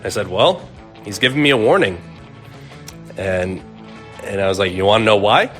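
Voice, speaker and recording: A man's voice: on the low side, normal speed, soft background music. Laid-back young man telling a story. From Arizona, USA. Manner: relaxed, conversational, many fillers. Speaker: storyteller guest. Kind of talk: casual storytelling.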